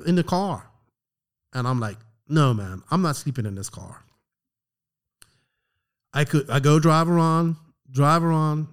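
A middle-aged man telling a story on a podcast, animated and profane, acting out the lines of the people in it. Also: medium pitch. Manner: animated, profane, acts out quotes. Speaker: podcast co-host. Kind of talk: casual storytelling chat.

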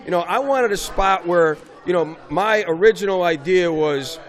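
A man's voice: high-pitched, normal speed, a faint crowd. A middle-aged man, a basketball coach, telling stories in a casual interview and raising his voice for emphasis. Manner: animated storyteller, raises voice for emphasis.

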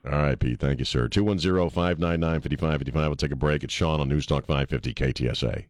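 A man's voice: rumbling low, fast talker, no echo. A man hosting a talk radio show, ranting emphatically and laughing with his co-hosts. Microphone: studio mic.

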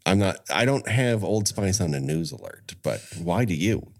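A middle-aged man hosts a podcast in a casual, chatty way, explaining things at length and often restarting his sentences. His voice sits low and is expressive, at a normal speed.

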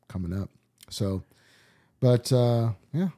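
A man with a dark, relaxed voice telling stories in a loose, rambling way, full of fillers and restarts. He comes across as easygoing and chatty, with a medium pitch. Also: slow pace. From Southern California. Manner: laid-back rambling, many fillers. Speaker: musician guest. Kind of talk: casual storytelling chat.

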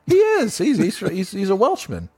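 A man co-hosting a casual film review podcast, self-mocking and quick to laugh. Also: high voice, huge pitch swings, dark tone, slightly rough, soft background music. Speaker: podcast co-host.

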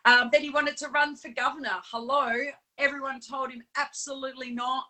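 A woman co-hosts a casual live chat in a high, bright voice. She is chatty and animated, with plenty of fillers and quick laughs. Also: poor audio. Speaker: co-host.

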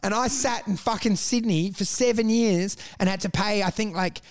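A middle-aged man telling crude, animated stories in a casual chat, laughing as he goes. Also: high voice, normal speed, clean tone.

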